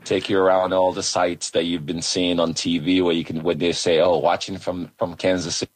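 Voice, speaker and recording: Deep, husky, flat-voiced guest. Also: male voice, moderate pace, no echo. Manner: relaxed, friendly, inviting. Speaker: interview guest.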